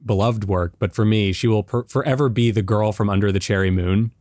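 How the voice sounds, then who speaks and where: A man's voice: on the low side, fairly even intonation, a little fast, a little mellow. A young man co-hosting a casual film commentary, joking around and now and then slipping into a silly Southern drawl. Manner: jokey, riffs with put-on Southern drawl bits.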